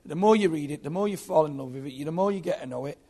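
A former prisoner shares his Christian testimony in a fairly high, warm voice, speaking fast. He tells his own story earnestly and often repeats his words.

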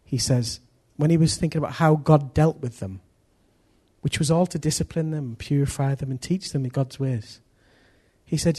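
A middle-aged man preaching a sermon in an animated way, acting out voices and swinging from loud to hushed. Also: fairly high pitch, normal speed.

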